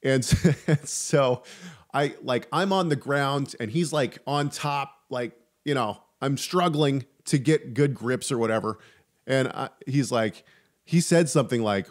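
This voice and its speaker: A male podcast co-host talks theology in a loose, conversational way. His voice sits at an ordinary mid pitch, and he often restarts his sentences and slips in wry asides. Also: a little slow. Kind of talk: casual chat about theology.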